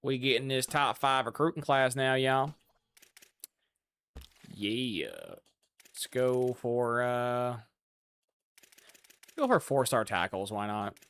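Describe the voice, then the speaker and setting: Male streamer, mid-pitched, swearing and joking through gameplay. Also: slow, pauses often, fairly bright tone, clear, resonant tone. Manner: profane, chatty, sarcastic. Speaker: gaming streamer. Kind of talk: casual gameplay commentary.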